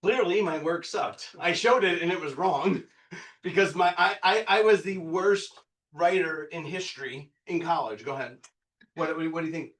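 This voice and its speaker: A man in his fifties leading a live real estate training workshop, excitable and loud, quizzing the room and swearing freely. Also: on the high side, normal speed. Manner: excitable, loud, bursts into yelling; quizzes the audience, punchy and profane. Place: meeting room with a live audience. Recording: echoey room, picked up from a distance.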